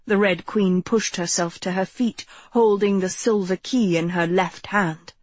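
A woman audiobook narrator reads a scripted story in a measured, expressive way. Her voice is mid-range and the recording is dry.

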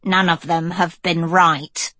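A woman voicing a grumpy, blunt young witch who mutters dismissively, husky and unhurried. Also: fairly low pitch, level tone, sharp tone, no room sound, pitched below the performer's own voice, exaggerated voice.

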